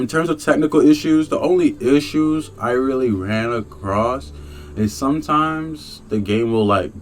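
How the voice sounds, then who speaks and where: A young man with a deep voice reviews a video game in a laid-back, slangy style. He chuckles along the way and breaks into excited rants.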